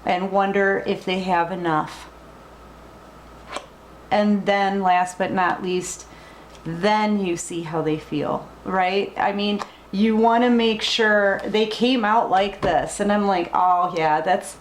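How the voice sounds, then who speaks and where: A woman giving a collective tarot reading, gently reassuring and emotional, speaking straight to the viewer. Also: medium pitch, fairly even intonation, takes it slowly, roomy sound, slight background noise, rough recording. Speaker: tarot reader.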